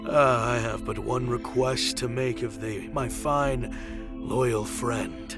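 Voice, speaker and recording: A man's voice: mid-range voice, slow, music in the background. A man voicing a broke, cheeky male fey patron and hunter in a tabletop game, talking casually and sometimes mock-grand. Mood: wheedling. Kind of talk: tabletop game role-play.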